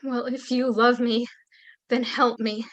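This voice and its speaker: A woman's voice: a little high, little pitch movement, slow pace. A woman reading the part of a frightened young bride, tearful and pleading, in a staged play reading.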